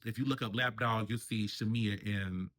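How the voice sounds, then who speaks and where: A man's voice: fairly low pitch, fairly even intonation, normal speed, a bit bright. A man hosting a casual reality TV review, chatting and acting out the cast members' lines in raised voices. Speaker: reality TV commentary host.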